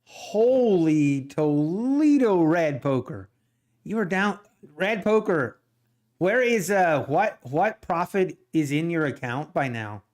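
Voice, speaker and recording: Man, livestream trading host, slightly high voice, slow easygoing delivery, chatty, laughs a lot. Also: animated, darkish tone. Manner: chatty, laughs often, addresses chat directly. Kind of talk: casual livestream chat and market commentary.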